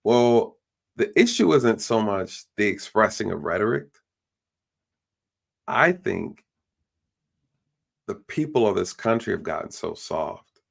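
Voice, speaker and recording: A man's voice: fairly low pitch, sing-song, slow, vocal fry, pauses often. A man hosting a live stream, talking bluntly in a ranting way and mimicking the people he quotes. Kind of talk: casual opinion talk.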